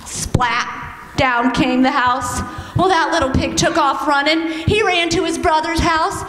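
A woman with a high, bright voice tells a story to a group of children at church, coaxing them to join in on cue. She speaks slowly and sounds echoey, from a distance in a large hall with long reverb. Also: faint music behind. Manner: animated, coaxing, leads children in call-and-response. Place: church sanctuary.

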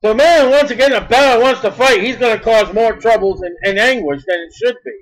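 A man preaching a sermon in an emphatic style, repeating words and swinging between loud bursts and soft asides. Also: very high-pitched, fast, low-quality recording.

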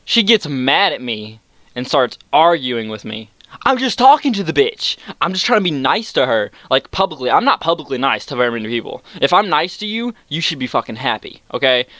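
A young man telling a story in an exasperated, sarcastic rant, swearing freely and breaking into sudden high outbursts. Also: sing-song, brisk, pushed and bright, no room sound. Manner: jumps to high-pitched outbursts. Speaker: vlogger. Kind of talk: ranting storytime.

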